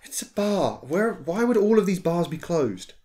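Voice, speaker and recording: A man playing a tabletop game with a friend, chatting casually, teasing and quick to laugh. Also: high-pitched, very animated, dark tone, a little hiss or hum. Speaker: player.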